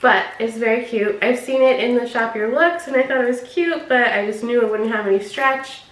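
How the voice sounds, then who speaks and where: A woman chatting casually as she unboxes and reviews clothes, often dropping low and quiet on her asides. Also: normal speed. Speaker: vlogger. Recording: echoey room with faint noise.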